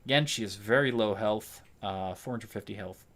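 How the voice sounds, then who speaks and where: A man's voice: lowish voice, normal speed, fairly bright tone. Brief: a chatty male streamer walking viewers through his build, casual and explanatory. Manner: chatty, explains game builds while playing. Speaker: game streamer. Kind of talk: casual live-stream commentary.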